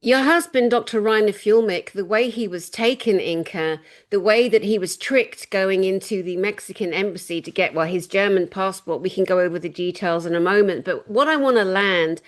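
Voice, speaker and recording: A woman hosting an interview, speaking earnestly and emphatically, slowing down to stress her points. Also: mid-range voice. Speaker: interview host. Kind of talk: emotional advocacy interview.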